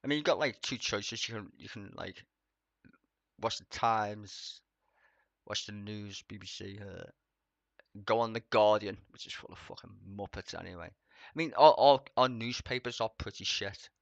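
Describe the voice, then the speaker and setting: A man's voice: fairly low pitch, moderate pace, gravelly, no echo, highs cut off. A young man streaming casual political commentary, rambling, sweary and sarcastic.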